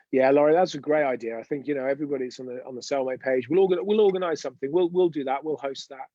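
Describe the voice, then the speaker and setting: A man's voice: medium pitch, fast talker, hardly any pauses, mellow, no echo. Rambling man, dull dry sound. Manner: chatty, rambling anecdotes with frequent restarts. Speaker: host of a weekly live show. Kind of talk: unscripted live-stream chat.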